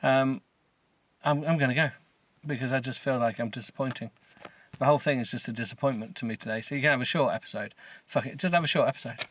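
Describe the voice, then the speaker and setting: A man's voice: mid-range voice, fast talker, fairly bright tone, a little hiss or hum. Sweary middle-aged man reading a novel. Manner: sweary, sarcastic, stumbles over words. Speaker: podcast host. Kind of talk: mocking comedic reading of a novel.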